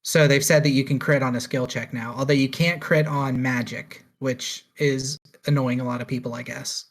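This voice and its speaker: Male podcast co-host, mid-pitched, plain, matter-of-fact news relay. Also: fairly even intonation, normal speed. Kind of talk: casual chat.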